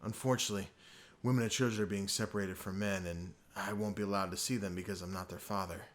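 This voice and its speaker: A man's voice: low voice, steady tone, fast talker, lightly acted. A man voicing a weary adult soldier who speaks in a sombre, resigned tone.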